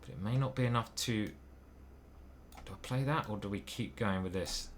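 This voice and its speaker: A man's voice: lowish voice, moderate pace, a little hiss or hum. A man thinking aloud as he plays online chess, muttering moves and questioning himself. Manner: muttering move by move, hesitant self-questioning. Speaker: chess grandmaster commentating his own games.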